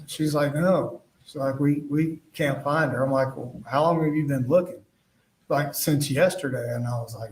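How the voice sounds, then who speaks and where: A man giving courtroom testimony as a witness, speaking haltingly and retelling past conversations as quoted dialogue. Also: a little high, slight background noise. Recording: echoey room, voice far from the mic.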